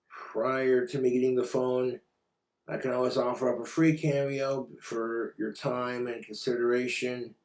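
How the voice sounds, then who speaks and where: A man's voice: medium pitch, darkish tone, roomy sound. A man ranting in a commentary vlog, sarcastic, exasperated and full of swearing. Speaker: commentary vlogger.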